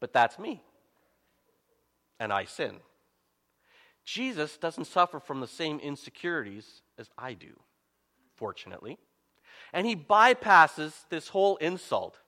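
A male pastor delivers a sermon in a fairly high, bright voice. His pitch rises and falls in big, animated swings as he tells the story. He keeps breaking in with self-mocking humor. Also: unhurried, pauses often, big-room sound.

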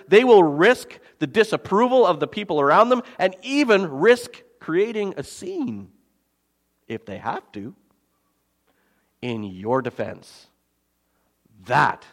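Male pastor preaching, lively pitch, slightly high voice, big echoing hall. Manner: expressive, swings from loud emphasis to quiet asides. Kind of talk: sermon. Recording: long hall reverb.

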